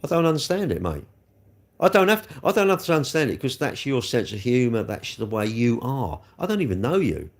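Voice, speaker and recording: Guy, casual live-stream chat, rambling, middle-pitched, gets heated at trolls. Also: sing-song, a little fast. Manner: chatty and rambling, scolding trolls with rising heat. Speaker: livestreamer answering chat comments.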